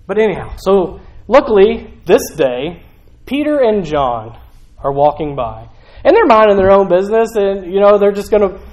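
A man's voice: sits high, darkish tone, poor audio. A man preaching a casual sermon, conversational, acting out little voices as he tells the story.

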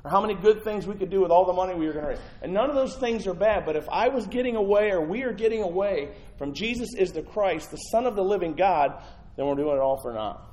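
Give me an animated male pastor preaching a sermon, swinging from loud to hushed. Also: high voice, fast, rough recording.

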